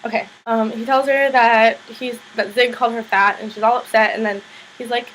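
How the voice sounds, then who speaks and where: A woman's voice: flat delivery, moderate pace, fairly bright tone, slight background noise, rough recording. A young woman vlogger casually recapping a TV episode, chatty and full of "like", acting out the characters' lines as she goes. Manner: chatty, lots of "like", acts out characters' lines in higher voices.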